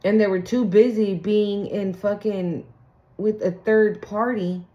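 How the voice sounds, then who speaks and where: A woman's voice: mid-range voice, fairly even intonation, slow pace, muffled recording. A woman doing a casual spiritual tarot reading, blunt and profane, acting out the people she talks about. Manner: blunt, profane, acts out quoted people in sing-song voices. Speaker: tarot reader.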